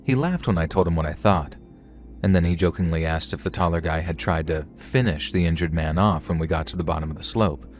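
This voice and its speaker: Male horror narrator, deep low voice, steady scripted storytelling. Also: brisk, faint music behind.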